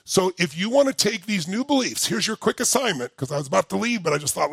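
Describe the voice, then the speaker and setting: A middle-aged man giving an animated, emphatic motivational talk to a live audience, rising to near-shouting as he tells a story. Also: high-pitched, quick pace, gravelly, husky, dry recording. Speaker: motivational speaker.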